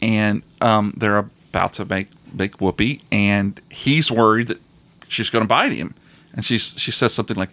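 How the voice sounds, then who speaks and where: A man's voice: lowish voice, normal speed, a bit bright. A man hosting a casual podcast chat about movies, rambling with frequent restarts and laughter.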